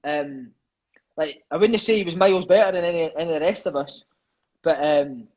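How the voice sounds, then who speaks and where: A Scottish man in his thirties rattles off his stories at a quick clip, in a slightly high, husky voice. He talks loosely and swears freely. The audio is dull and lo-fi. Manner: lively, swears freely, peppers speech with "mate" and "eh". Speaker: guest, former footballer. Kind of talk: casual storytelling chat.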